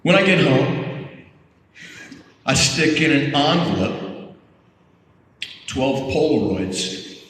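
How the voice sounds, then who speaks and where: A man's voice: a little high, sing-song, takes it slowly, pauses often, fairly bright tone. A man on a convention panel telling a rowdy, profane story and imitating other people's voices. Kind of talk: storytelling to an audience. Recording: far-off echoey hall with noise.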